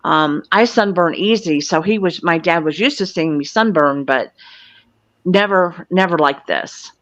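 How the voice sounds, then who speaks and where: On a dull, dry lo-fi recording without echo, a woman in her sixties speaks in a fairly low, unhurried voice. She's a Florida guest and UFO field investigator, relating her own experience earnestly and plainly.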